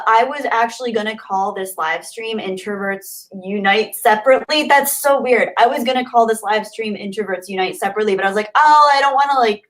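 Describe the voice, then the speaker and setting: A woman's voice: fairly high pitch, fairly bright tone, low-quality recording. Gushing young woman livestreamer. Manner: gushing, emotional, many restarts and fillers. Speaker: livestream host. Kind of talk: casual livestream chat reading comments.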